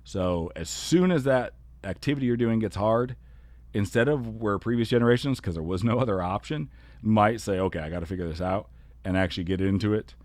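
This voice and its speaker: A man with a very low voice talks through a solo podcast episode as an educator. He keeps it earnest and conversational and leans on "you know" and "kinda" as he explains. The sound is close and dry, with no room around it. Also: fairly quick, darkish tone, no room sound.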